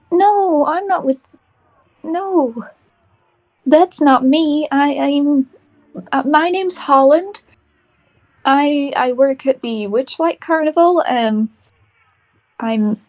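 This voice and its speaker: A woman's voice: high voice, takes it slowly, pauses often, a little mellow. A woman voicing a cheerful young male rabbit-folk paladin in a tabletop game, speaking earnestly with frequent stammers. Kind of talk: character voice in tabletop play.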